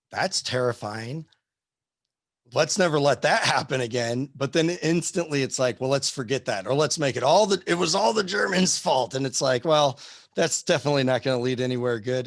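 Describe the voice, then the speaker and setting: A man leads a casual live history class, wandering through his points with lots of fillers, restarts and searches for the right word. His voice sits at an ordinary middle pitch, recorded close and dry with no room sound. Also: dry recording. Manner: rambling, many fillers and restarts. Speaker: history teacher.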